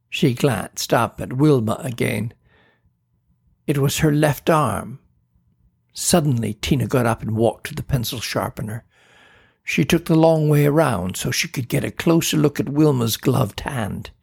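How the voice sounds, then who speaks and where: A man narrates a children's story in a slow, steady read. His voice is gravelly with a husky edge. The pitch sits in an ordinary middle range. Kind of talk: storybook reading.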